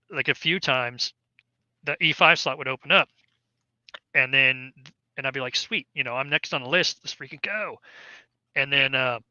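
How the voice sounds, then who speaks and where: A middle-aged man with a very bright, crisp voice tells an army story, rambling and full of fillers and restarts. He acts out the dialogue he remembers. The sound is dry and a bit dull, as if from a close, lo-fi mic. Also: medium pitch, no room sound. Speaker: veteran guest telling his story. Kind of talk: casual oral-history storytelling.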